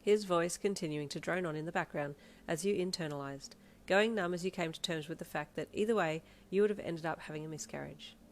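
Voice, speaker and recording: A woman narrating a second-person fanfiction story in a steady, emotive way. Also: fairly low pitch, brisk, slight background noise.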